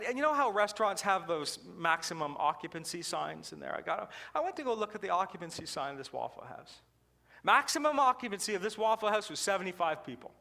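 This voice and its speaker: A man giving a keynote talk, telling a story in an animated way with frequent laughs. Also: sits high. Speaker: customer service keynote speaker.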